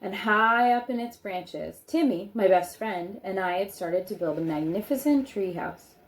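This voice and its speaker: A woman's voice: medium pitch, measured pace. A woman reading a children's book aloud, stopping now and then to add chatty comments of her own. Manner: chatty asides between read passages.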